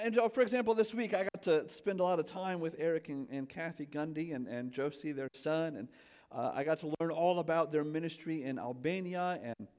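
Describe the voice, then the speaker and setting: A male pastor in his thirties giving a casual, self-deprecating sermon, asking the congregation questions and swinging from quiet asides to loud emphatic points. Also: a little high. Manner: chatty, self-deprecating, asks the audience questions.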